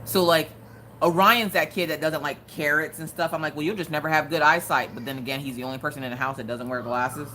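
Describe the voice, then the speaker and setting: Low-voiced joking woman streamer. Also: steady tone, quick pace, bright, forceful tone, slight background noise. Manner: joking, chatty, laughs often. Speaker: live-stream host. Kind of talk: casual chat while crafting on a live stream.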